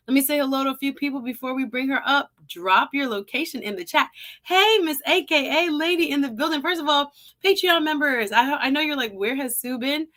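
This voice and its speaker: Livestream host: woman, slight Jamaican accent, chatty, bright and a bit high. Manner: chatty, greets viewers by name. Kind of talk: casual live-stream intro.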